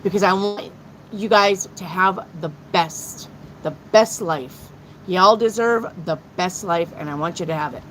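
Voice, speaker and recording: Blunt, excitable woman tarot reader. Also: on the low side, unhurried, slight background noise, poor audio. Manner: blunt, excitable, swears freely. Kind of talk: live-stream tarot reading.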